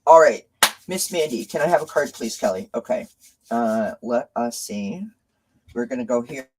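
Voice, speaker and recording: A man's voice: mid-range voice, animated, normal speed, heavy background noise. A man hosting a live tarot stream, emotionally thanking his viewers and reading their comments. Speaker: tarot reader and channel host.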